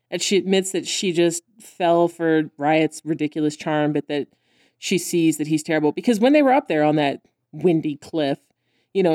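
Animated woman recapping with laughter. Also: no echo, studio quality. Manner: animated, laughs often, acts out lines in high squeals. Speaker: podcast co-host. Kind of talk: casual chat recapping a cartoon episode.

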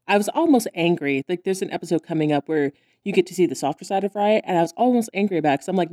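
Animated woman recapping with laughter. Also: very fast, hardly any pauses, no room sound, studio quality. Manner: animated, laughs often, acts out lines in high squeals. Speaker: podcast co-host. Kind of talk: casual chat recapping a cartoon episode.

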